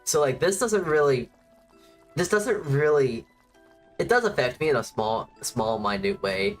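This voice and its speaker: A woman's voice: low voice, expressive, measured pace. A woman streamer chatting casually, rambling and often restarting her sentences, with faint music playing behind her. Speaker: VTuber streamer. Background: faint background music.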